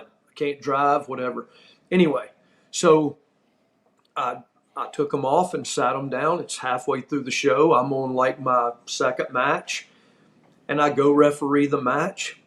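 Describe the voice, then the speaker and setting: A man's voice: medium pitch, steady tone, measured pace, a bit bright. A middle-aged man hosting a podcast, telling a backstage story in a casual, emphatic way and laughing now and then as he talks. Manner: emphatic, repeats himself for effect. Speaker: podcast host.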